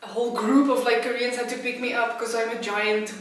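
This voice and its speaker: A woman tells a comedic personal anecdote at a brisk pace, animated and poking fun at herself, her pitch and volume swinging widely. She's recorded from a distance in a very echoey room.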